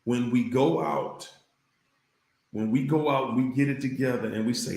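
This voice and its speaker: A man hosting a casual livestream, reading viewer comments aloud, repeating phrases for emphasis and breaking into loud exclamations. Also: medium pitch, moderate pace, creaky, echoey room.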